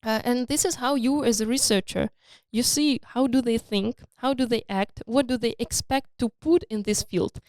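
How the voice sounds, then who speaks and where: Smooth-voiced woman founder, hesitant storytelling. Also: on the high side, moderate pace, few pauses, dry recording, clean studio sound. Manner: hesitant, many fillers and restarts, animated storytelling. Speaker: startup founder and CEO. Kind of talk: casual interview conversation.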